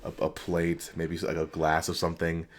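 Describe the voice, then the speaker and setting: A man with a very deep voice talks in a loose, rambling way, co-hosting a relaxed podcast chat. He laughs often between his sentences as he tells his stories. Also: normal speed. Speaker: podcast co-host. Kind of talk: casual chat.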